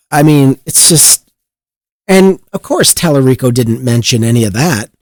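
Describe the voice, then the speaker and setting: A man's voice: medium pitch, animated, slow, dry recording. A man hosting a political commentary show, heated and profane, sometimes mocking other people's voices.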